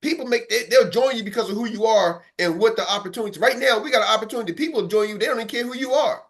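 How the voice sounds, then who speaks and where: A man whose voice sits high, fairly bright, and very fast coaches his sales team through an online meeting. His motivational talk is emphatic and preachy; he repeats for impact, speaks directly to the live group and calls on listeners by name.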